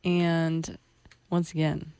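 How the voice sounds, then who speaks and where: A young woman hosting a radio music show, talking in a loose, chatty way with her co-hosts. Her voice is mellow and soft at the edges. The sound is close and dry, straight from a studio mic. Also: low-pitched, extremely slow, smooth, no echo. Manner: relaxed, chatty, light laughter. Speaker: radio host. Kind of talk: casual radio chat.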